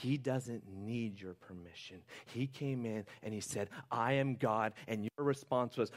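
A pastor preaching a sermon to his church, passionate, moving from quiet, intimate moments to loud, fervent exhortation. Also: medium pitch, a little slow, hardly any pauses.

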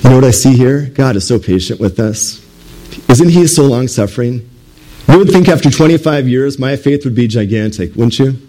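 A man's voice: medium pitch, animated, normal speed, dark tone, low-quality recording. A man preaching a casual sermon, with rhetorical questions to the congregation and jokes. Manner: conversational, with rhetorical questions and humor.

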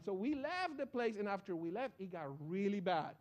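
High-voiced man preaching. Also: moderate pace, lo-fi sound. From Colombia. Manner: animated, excitable storyteller. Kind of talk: sermon with personal storytelling.

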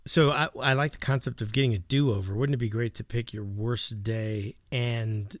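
A man co-hosting a casual podcast, talking at a middling pitch. He sounds earnest and a little halting, with lots of quick agreeing interjections. The sound is dry and close-miked. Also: fairly even intonation, no room sound. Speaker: co-host. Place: home studio in a basement closet.

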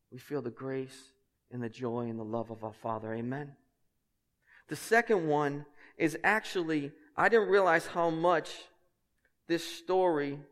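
Impassioned pastor, slightly high voice, reverberant hall. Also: male voice, a bit bright. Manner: passionate, emphatic preaching that climbs in pitch and volume; conversational asides to the congregation. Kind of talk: sermon.

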